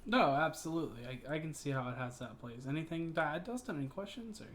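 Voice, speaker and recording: Bright, hesitant man hosting a podcast. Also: fairly high pitch, animated, fast talker, a little hiss or hum. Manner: hesitant, musing aloud with fillers. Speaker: podcast host. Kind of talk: casual podcast conversation.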